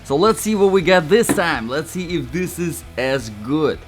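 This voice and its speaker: A man's voice: on the high side, animated, normal speed, over music. A man hosting a casual product review, chatty and enthusiastic, with rambling asides. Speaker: gear reviewer.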